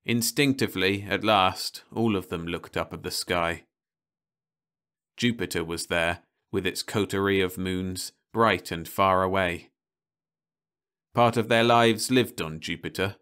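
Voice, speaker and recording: A man narrates a science fiction story in a calm, even reading voice. His tone is low yet bright and forceful, with a smooth, resonant finish. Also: measured pace. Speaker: audiobook narrator.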